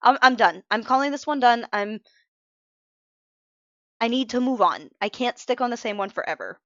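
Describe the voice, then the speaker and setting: A woman's voice: fairly high pitch, lively intonation, moderate pace, a bit bright, dry recording, lo-fi sound. A tired woman streamer chatting casually while she draws. She rambles and interrupts herself, and is frank about being emotional. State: tired from little sleep. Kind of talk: casual live-stream chat while drawing.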